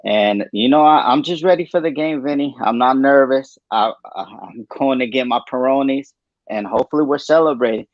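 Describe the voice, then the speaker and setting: Male guest, relaxed and confident, dry and dull call audio. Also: mid-range voice, normal speed, no room sound. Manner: confident, laid-back. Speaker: podcast guest. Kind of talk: casual chat.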